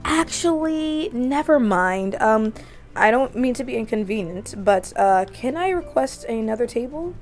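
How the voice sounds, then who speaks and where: A woman's voice: a little high, lively intonation, normal speed, darkish tone, faint music behind. A woman voicing an awkward, romantic young French husband who speaks in flowery, hesitant, polite phrases. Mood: smitten.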